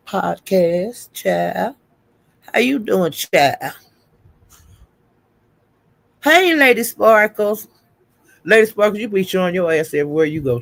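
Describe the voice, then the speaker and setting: A man's voice: high voice, creaky, a bit bright, no echo. A man hosting a casual livestream, gossiping and greeting viewers in the chat, calling them honey and child. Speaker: livestream host. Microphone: streaming setup.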